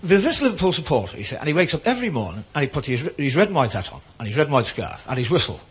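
A man telling jokes on stage in a stand-up routine, with quick punchlines and acted voices. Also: a little high, very animated, breathy edge. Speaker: comedian. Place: comedy club stage before a live audience. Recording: live club recording, noisy crowd laughter.

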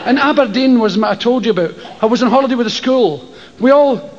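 A man's voice: extremely high pitch, lively intonation, fast talker. An older Scottish man doing stand-up, telling a profane story and acting out voices and screams. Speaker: stand-up comedian. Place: live comedy venue with an audience. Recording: lo-fi live show with crowd and noise.

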